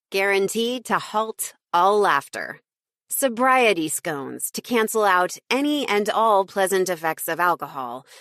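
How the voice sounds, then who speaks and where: A woman narrating a first-person audiobook with a snarky, wry edge. Her voice sits on the lower side for a woman. The read is close-miked and dry, with no room sound. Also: dry recording.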